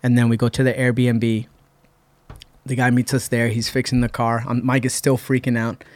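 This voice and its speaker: A man from Massachusetts, a podcast guest, telling a story in animated casual talk, acting out quotes and using many fillers. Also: mid-range voice, normal speed, no echo. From Massachusetts, USA.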